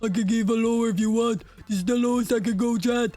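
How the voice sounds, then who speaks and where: A woman doing an impression of a male streamer, forcing her voice as low as it will go. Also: steady tone, fast talker, faint music behind, natural voice. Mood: gruff. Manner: loud, forced low voice.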